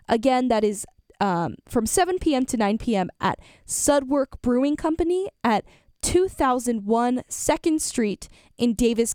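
A woman's voice: fairly high pitch, a little mellow, no room sound, clean studio sound. A young woman, a college radio DJ chatting casually on air, rambling with lots of fillers and self-corrections. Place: radio studio.

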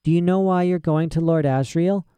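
A man reading as a calm witch queen. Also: fairly high pitch, moderate pace, clean tone, dry recording, pitched above the performer's own voice, natural voice. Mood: grave.

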